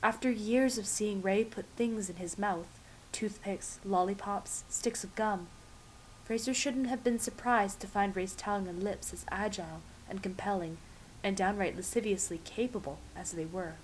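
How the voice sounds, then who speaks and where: Calm woman reading a story aloud. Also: medium pitch, a little hiss or hum, poor audio. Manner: calm, measured and intimate. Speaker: story reader. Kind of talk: audiobook-style story narration.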